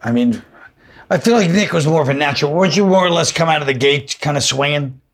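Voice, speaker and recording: A man's voice: on the high side, fast. A man, a guest comedian, telling rambling, profane anecdotes in a casual chat.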